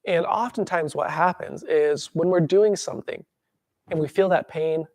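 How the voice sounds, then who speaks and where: A man teaching a tuina workshop, calmly guiding breathing and then explaining with lively acted-out examples. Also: on the high side, moderate pace, dry recording, studio quality.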